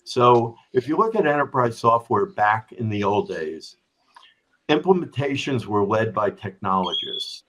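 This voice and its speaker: A lowish, sing-song voice with a slightly bright edge comes from a middle-aged or older business strategy executive on a remote podcast. At a measured pace he explains things with examples and regularly asks "right?", all on a low-quality recording.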